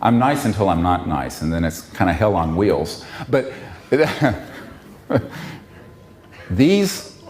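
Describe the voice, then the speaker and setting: Man, public speaker, passionate, emphatic, lively pitch. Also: a little slow. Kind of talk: impassioned public talk.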